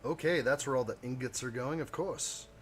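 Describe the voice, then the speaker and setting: A man's voice: medium pitch, normal speed. A man in the middle of his range talks loosely to his live-stream audience, thinking aloud as he works. His chat wanders and chuckles along. A faint layer of noise sits under the voice. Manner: chatty, talks to viewers while building, chuckles. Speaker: live-stream host building a model kit.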